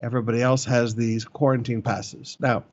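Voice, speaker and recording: Older pastor, earnest and emphatic. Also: male voice, mid-range voice, level tone, normal speed, highs cut off. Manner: earnest, repeats points for emphasis. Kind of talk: sermon and church announcements. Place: church in the Philippines.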